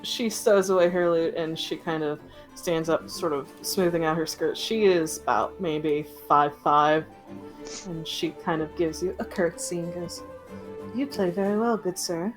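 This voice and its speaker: A woman's voice: low-pitched, fairly even intonation, unhurried, faint music behind, low-quality recording. A woman narrating as game master, hesitant with many fillers.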